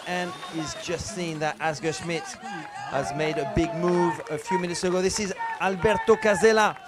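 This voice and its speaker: A man with a notably high voice calls a paddleboard race live. He talks in an excited way and pauses on many fillers. Faint background noise sits under his voice. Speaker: race commentator. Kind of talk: live sports commentary.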